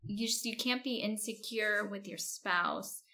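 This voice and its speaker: A woman's voice: medium pitch, a little slow, pushed and bright. A woman hosting a podcast interview, chatting casually with lots of fillers. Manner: chatty, lots of "like", frequent laughs. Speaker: podcast host.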